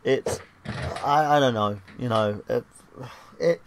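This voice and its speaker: A man's voice: medium pitch, takes it slowly, slight background noise. A man co-hosting a gaming podcast, reading a news story aloud with rambling asides in casual chat. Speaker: podcast co-host.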